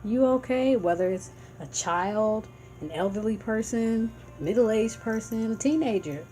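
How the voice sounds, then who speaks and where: A woman's voice: mid-range voice, measured pace, warm tone, poor audio. A woman vlogging in a casual, earnest and heartfelt way, rambling a little as she explains warning signs. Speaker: vlogger raising epilepsy awareness. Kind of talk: casual informative vlog. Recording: faint background music.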